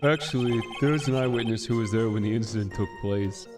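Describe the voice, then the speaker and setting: A man voicing an earnest, bumbling male police detective in a fan-dubbed courtroom game, speaking haltingly with fillers. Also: medium pitch, lightly acted. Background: game music.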